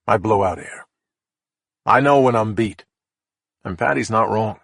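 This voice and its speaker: Brief: male first-person thriller narrator, husky, matter-of-fact, dry studio read. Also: on the low side, unhurried, long pauses, dry recording.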